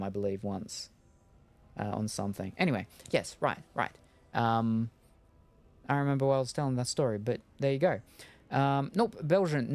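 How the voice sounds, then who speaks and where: A man's voice: medium pitch, darkish tone. Rambling man chatting while gaming. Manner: meandering, full of fillers and restarts. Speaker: streamer playing a video game.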